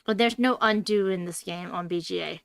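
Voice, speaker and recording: A woman's voice: lowish voice, a little fast, vocal fry, smooth, no room sound. A woman hosting a board game stream, chatting casually and thinking aloud as she plays, with lots of fillers. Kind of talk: casual gameplay chat.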